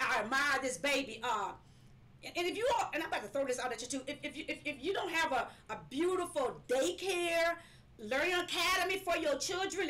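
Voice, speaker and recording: A woman's voice: high voice, a bit bright. A woman preaching a live-streamed sermon, emphatic and repetitive, sometimes breaking into laughing cries.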